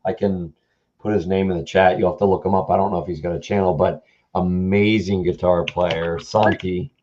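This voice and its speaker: A man's voice: low-pitched, steady tone, moderate pace, a little mellow, highs cut off. A man co-hosting a live chat stream, laid back and trailing off mid-sentence. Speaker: co-host. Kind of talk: casual livestream chat.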